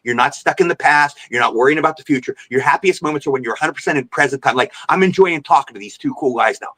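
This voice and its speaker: A man as a podcast guest, telling an animated, rambling anecdote in a storytelling way and repeating himself. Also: on the high side, quick pace.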